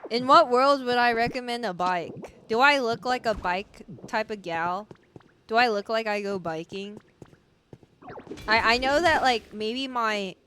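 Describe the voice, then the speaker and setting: A woman's voice: on the high side, sharp tone, slight background noise. A woman streaming a video game, chatting casually with her viewers, full of filler likes and laughing at herself. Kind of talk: casual gameplay livestream chat. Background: game music.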